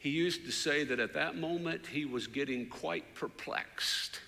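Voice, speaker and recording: A man preaching a sermon as a story, his voice climbing loud for shouted quotes and falling soft for prayers. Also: fairly high pitch, a little slow, vocal fry. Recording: long hall reverb.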